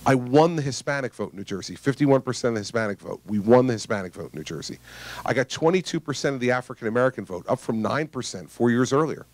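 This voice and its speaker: A man's voice: medium pitch, expressive, quick pace, no room sound. A man, a politician, giving a campaign stump speech to voters in a conversational, emphatic storytelling manner.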